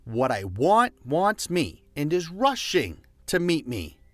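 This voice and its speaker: A man's voice: on the high side, wildly swooping pitch, slow pace, no room sound, faint music behind. A man giving a motivational talk, emphatic and repetitive, leading listeners to repeat phrases after him. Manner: emphatic and repetitive, leads listeners in call-and-response. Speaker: motivational speaker.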